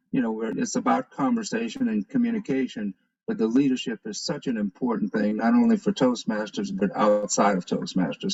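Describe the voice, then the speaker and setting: A man with a Louisiana accent speaks as a guest on an online meeting. His voice is husky and a bit breathy. The call audio is dull and lo-fi. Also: medium pitch, darkish tone. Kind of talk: casual remarks on a video call. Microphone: video call.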